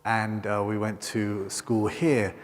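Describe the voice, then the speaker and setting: A priest with a Scottish accent gives a homily at Mass, telling a story in a meandering way with many fillers and self-corrections. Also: male voice, on the low side, flat delivery, takes it slowly. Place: large cathedral. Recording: long cathedral reverb.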